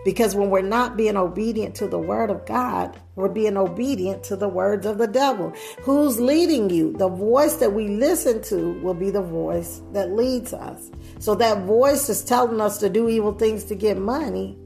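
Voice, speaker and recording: Woman, sermon, earnest, rhetorical questions, fry in the voice, faint music behind. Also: medium pitch, normal speed, mellow. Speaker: preacher.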